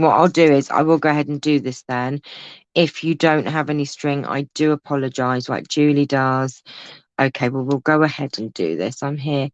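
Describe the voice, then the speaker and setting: A woman's voice: very deep voice, no room sound, lo-fi sound. Chatty woman hosting a craft livestream. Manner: chatty, reads out viewer comments, teasing asides. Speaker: craft host. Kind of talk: casual livestream craft tutorial. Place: home craft room.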